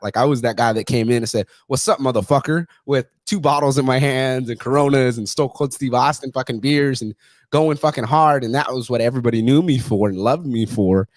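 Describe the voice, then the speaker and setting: A man's voice: medium pitch, no echo, studio quality. A male podcast host in casual interview chat, telling stories in a profane, emphatic way.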